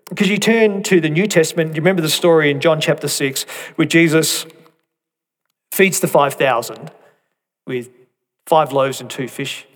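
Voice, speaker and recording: A man preaching a sermon, conversational and animated, swinging between emphatic peaks and soft asides with rhetorical questions. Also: a little high, normal speed, pauses often.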